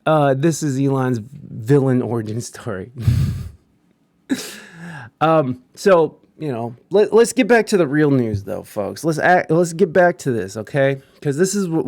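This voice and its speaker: A man's voice: mid-range voice, big pitch swings, unhurried, vocal fry, darkish tone, dry recording. A young man hosting a podcast, reading news aloud in a casual chat style and riffing with laughs and swearing. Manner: laughing, swearing, riffing between read lines. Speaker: podcast host.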